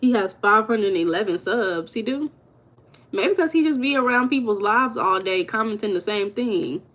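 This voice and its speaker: A woman's voice: medium pitch, expressive, moderate pace, fairly bright tone. A woman hosting a live stream, chatting casually with her viewers and laughing often. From United States. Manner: chatty, talks to chat viewers, calls them baby and girl; laughs often while talking.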